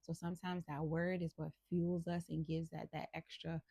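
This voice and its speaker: Gravelly, husky-voiced woman preacher. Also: fairly low pitch, flat delivery, fairly quick, hardly any pauses, mellow, no echo. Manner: chatty, playful and encouraging, addresses listeners directly. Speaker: host of a faith devotional channel. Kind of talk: casual Bible devotional talk.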